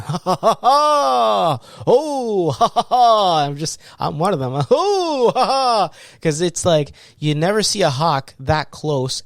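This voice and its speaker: A man hosting a podcast, telling a long, animated story in a casual way and acting out the people in it with laughs and shouts. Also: medium pitch, no room sound, clean studio sound. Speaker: podcast host.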